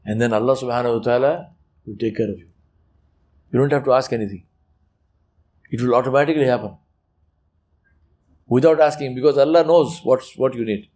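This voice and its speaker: Male preacher, lively emphatic delivery with acted-out asides. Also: mid-range voice, a little fast, long pauses. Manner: animated, emphatic, acts out quoted speech. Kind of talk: religious talk.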